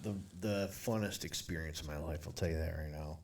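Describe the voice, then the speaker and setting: A man's voice: rumbling low, fairly quick, darkish tone, far from the mic. A young man co-hosting a podcast, telling a long story in a rambling, profane way and laughing as he goes. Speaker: podcast co-host. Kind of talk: casual storytelling chat.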